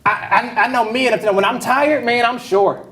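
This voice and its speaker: A man's voice: very high voice, fairly even intonation, brisk, sharp tone, recorded from a distance. A man preaching a conversational sermon as pastor, speaking casually and making joking asides to the congregation. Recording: echoey hall, voice picked up from afar.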